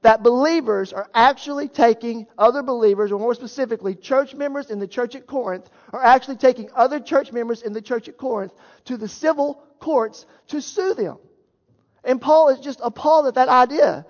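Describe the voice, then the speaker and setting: A male pastor with an extremely high-pitched voice preaches fairly quickly, explaining a Bible passage earnestly and emphatically. He drives his points home with rhetorical questions, and the echoey hall gives dull, lo-fi sound.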